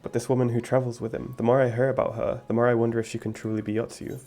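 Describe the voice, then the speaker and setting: A man's voice: mid-range voice, little pitch movement, racing, a little mellow. A man co-streaming a game, reading its dialogue aloud with laid-back, dry asides. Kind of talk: casual gaming chat and dialogue read-alouds.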